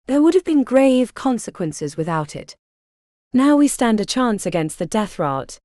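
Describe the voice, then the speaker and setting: Woman voicing a blunt defiant young witch, lively pitch, mellow tone, folksy speech. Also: a little slow, dry recording, clean studio sound.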